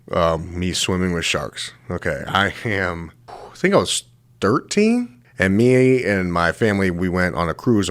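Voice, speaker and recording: Low-voiced young man telling crude stories. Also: fairly bright tone, dry recording. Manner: crude, rambling, swears a lot and laughs at his own stories. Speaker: show host. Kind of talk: comedic storytelling monologue.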